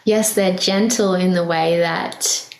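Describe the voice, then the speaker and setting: A woman's voice: on the low side, fairly even intonation, slow, echoey room, slight background noise, poor audio. A woman hosting a podcast, speaking in an earnest, heartfelt way with many fillers and restarts. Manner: emotional, laughing softly at herself. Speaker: podcast host. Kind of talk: casual spiritual podcast monologue.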